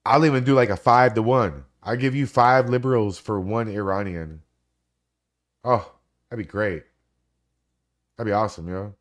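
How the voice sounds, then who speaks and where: A man's voice: lowish voice, normal speed, long pauses. A man in his forties hosting a live stream, rambling and swearing through casual stories. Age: 40s. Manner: rambling, profane, animated storytelling.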